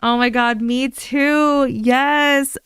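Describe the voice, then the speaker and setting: A woman's voice: high voice, steady tone, very slow, a bit bright, clear, resonant tone, no echo, studio quality. A woman hosting a live stream from home, chatting casually and bubbling as she reacts to viewers' comments.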